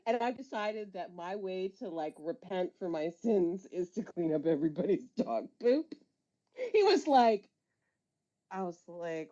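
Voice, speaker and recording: A woman's voice: lowish voice, lively intonation, moderate pace, dark tone. A woman telling a long story in casual chat, swearing and laughing as she rambles. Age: adult with a son. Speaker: storyteller on a live talk stream. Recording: dull lo-fi audio.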